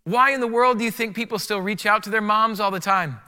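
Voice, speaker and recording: A high-pitched man delivers an energetic, playful sermon full of casual slang. His voice is sharp and bright, and it rings out with a long reverb off the walls of a large hall. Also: brisk, smooth. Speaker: pastor.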